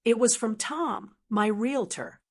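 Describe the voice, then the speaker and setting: A woman narrating a first-person story in a calm, steady, measured way. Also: on the high side.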